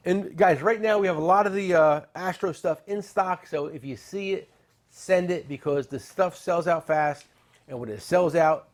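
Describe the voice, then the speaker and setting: Gravelly joking tool-dealer man. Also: fairly high pitch, animated, moderate pace, background noise. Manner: joking, rambling, salesy with asides. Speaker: tool dealer and show host. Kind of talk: casual product talk and storytelling.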